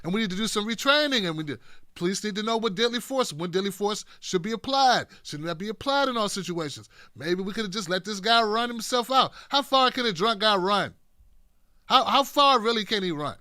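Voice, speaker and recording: A man's voice: high-pitched, bright, forceful tone, no room sound. A man hosting a casual livestream commentary show, reacting sarcastically to news clips. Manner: sarcastic, talks back to clips. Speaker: political commentary show host. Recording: dry close sound.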